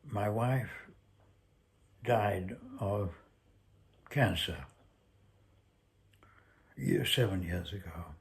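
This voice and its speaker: A man's voice: lowish voice, expressive, slow, gravelly, darkish tone, heavily acted. A man reading a short story aloud, voicing a lonely, shaken middle-aged man who speaks hesitantly. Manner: hesitant, faltering.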